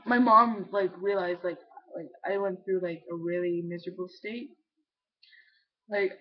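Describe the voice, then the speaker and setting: A man's voice: high voice, lo-fi sound. A young trans man in his late teens tells a personal story in a casual, rambling way. He fills his talk with "like" and swears freely. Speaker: vlogger.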